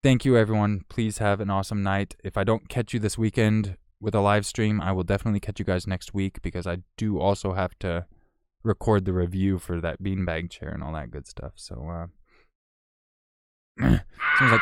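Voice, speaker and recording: A man with a low voice chats on a live stream, reading out donors' names. He is laid-back, swears freely and laughs as he goes. His tone is smooth and clear, and the sound is close and dry. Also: normal speed, dry recording. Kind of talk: casual live-stream chat.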